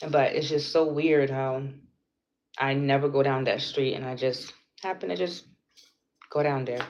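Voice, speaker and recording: A woman's voice: very deep voice, fairly even intonation, measured pace, darkish tone, a little hiss or hum. Tearful mother telling a story, lo-fi. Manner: tearful, earnest, repeats herself, swears. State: close to tears. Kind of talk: emotional storytelling vlog.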